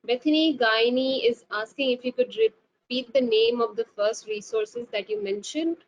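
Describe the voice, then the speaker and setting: Female webinar moderator, polite and filler-heavy, higher-pitched, dull video-call audio. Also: animated, normal speed. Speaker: webinar host. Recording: lo-fi web call with faint hiss.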